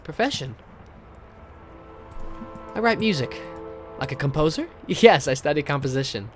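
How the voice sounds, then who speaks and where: A man voicing a calm, kind young woman composer in a video game, in his own plain voice with gentle questions. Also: a little high, unhurried, soft background music.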